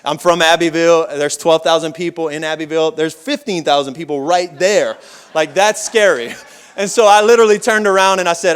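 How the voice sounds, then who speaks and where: Male pastor, higher register, folksy storyteller who wanders into asides mid-sermon. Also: lively intonation, a little fast, fairly bright tone, clear, resonant tone. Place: church service.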